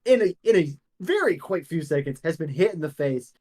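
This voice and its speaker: A man's voice: on the high side, animated, fairly quick, a little mellow. A man narrating a tabletop game as game master, often laughing as he describes scenes.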